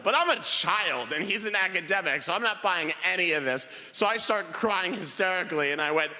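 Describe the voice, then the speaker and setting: A man in his thirties doing a stand-up comedy set on a theater stage, telling animated stories and shouting punchlines in put-on voices. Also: high-pitched, a little fast, hardly any pauses. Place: theater stage before a laughing audience. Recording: live hall reverb, faint noise.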